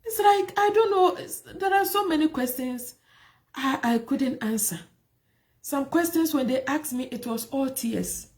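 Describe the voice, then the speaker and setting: A woman's voice: sits high, lively intonation, a little slow, a little mellow. A woman sharing her personal life story, emotional and repetitive, with many rhetorical questions. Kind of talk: personal testimony talk.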